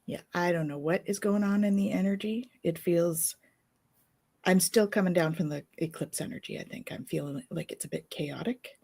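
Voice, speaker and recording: A woman's voice: on the low side, normal speed, vocal fry, a little mellow, slightly rough. A woman co-hosting a live spirituality stream, chatting casually and giggling easily as she rambles. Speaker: co-host of a spirituality live show.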